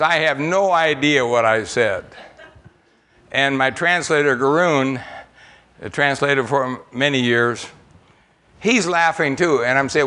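A sharp-toned, medium-pitched voice belongs to an older man from the United States testifying in church. He rambles folksily through missionary stories, leaning on fillers and repeated words.

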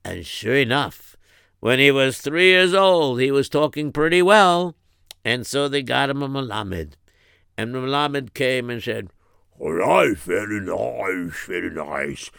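A man's voice: medium pitch, lively intonation, a little slow, vocal fry, fairly bright tone, clean tone, no room sound, studio quality. A man telling a story in a folksy way, sprinkling in Yiddish and Hebrew words. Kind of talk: spoken storytelling.

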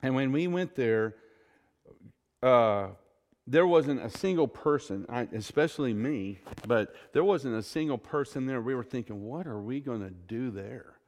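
A man preaching a sermon as pastor, telling stories with emphatic, drawn-out stresses and saying "y'all". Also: mid-range voice, animated, darkish tone, big-room sound. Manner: Southern "y'all".

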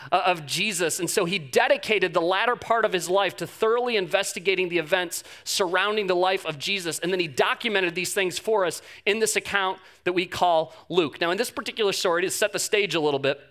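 Male pastor, high bright voice, animated humorous sermon delivery, stammery. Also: a little fast, few pauses.

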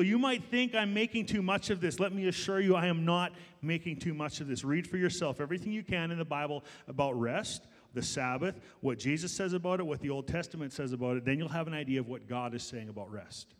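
A man's voice: a little high, in a large hall. A male pastor preaching a sermon in a church, emphatic and rhetorical, stretching out the words he stresses. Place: church sanctuary.

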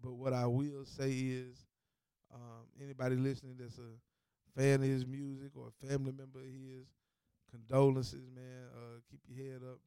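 Profane man, crisp dry voice. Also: monotone, normal speed, warm tone, dry recording. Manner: heated, profane, emphatic repetition; low-key, trailing off, mumbling. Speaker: podcast host. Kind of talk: casual rant and commentary.

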